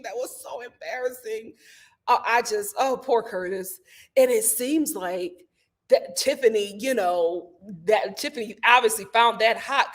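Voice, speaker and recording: A woman hosting a casual recap of a reality TV show, retelling scenes dramatically with gasps and acted-out quotes. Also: fairly high pitch. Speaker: host of a reality TV review show. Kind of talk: casual recap to a live audience.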